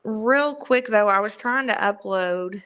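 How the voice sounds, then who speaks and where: A woman's voice: mid-range voice, slow pace, a bit bright, smooth. Chatty Southern woman livestreaming. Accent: strong Southern US. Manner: chatty, greets viewers by name. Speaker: livestream host. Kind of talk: casual livestream chat.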